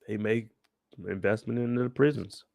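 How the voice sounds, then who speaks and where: Profane, animated man recapping a show. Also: fairly low pitch, normal speed, creaky, dry recording, clean studio sound. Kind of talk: casual live recap.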